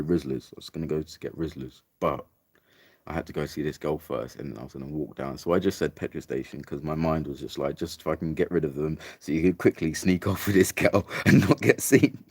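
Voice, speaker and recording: A man's voice: rumbling low, darkish tone, no echo. A young English man casually telling a rambling, sweary story about a trip, full of "like" and "mate". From England. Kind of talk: casual anecdote.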